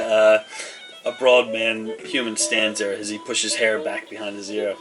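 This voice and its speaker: A man's voice: on the low side, level tone, moderate pace, music in the background, rough recording. A man narrating as game master of a tabletop game, loose and full of fillers.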